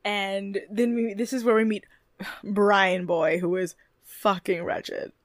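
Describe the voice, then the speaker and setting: A woman's voice: medium pitch, flat delivery, takes it slowly, no room sound, clean studio sound. A woman co-hosting a casual podcast, chatty and swearing freely as she recaps a TV show. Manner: chatty, swears, laughs, acts out quotes. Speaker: podcast co-host.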